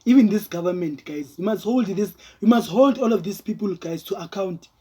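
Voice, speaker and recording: Man, rambling vlog commentary, dark husky voice. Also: high voice, animated, a little fast. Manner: heated, rambling, addresses viewers as guys. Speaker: vlogger. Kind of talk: casual reaction commentary.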